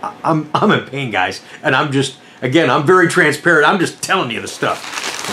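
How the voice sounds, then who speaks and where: A middle-aged man hosting his vlog and casually retelling a personal story in an animated, dramatic way. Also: medium pitch, brisk, background noise. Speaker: vlog host.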